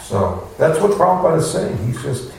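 A man teaching an informal scripture class, asking rhetorical questions in a folksy way. His voice is gravelly and lively, rising and falling a lot. He is recorded from a distance in a very echoey room with faint background noise. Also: on the high side, normal speed. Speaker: spiritual teacher giving a class.

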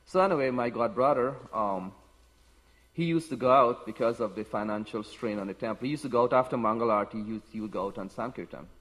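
A man giving a devotional talk, telling personal stories in an unhurried way with frequent restarts. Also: medium pitch, fairly bright tone. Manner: unhurried storytelling with many restarts. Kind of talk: sermon with personal anecdotes. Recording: long hall reverb.

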